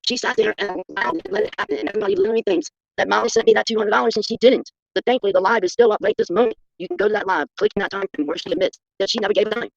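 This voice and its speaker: Rapid, gravelly, emphatic middle-aged guest. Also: mid-range voice, lively intonation. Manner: emphatic, defensive, talks in rushes. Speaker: guest on a livestream. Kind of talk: casual livestream chat. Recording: muffled lo-fi stream audio.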